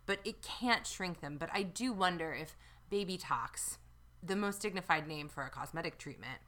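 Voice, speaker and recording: A woman's voice: fairly low pitch, lively intonation, normal speed, a bit bright. A woman in her thirties co-hosting a podcast, chatting casually and telling jokey stories with acted-out quotes. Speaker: podcast co-host. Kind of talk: casual chat.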